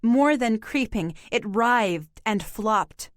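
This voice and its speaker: Slow, measured woman narrator. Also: on the high side, dry recording, studio quality. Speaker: audiobook narrator. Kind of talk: scripted audiobook narration.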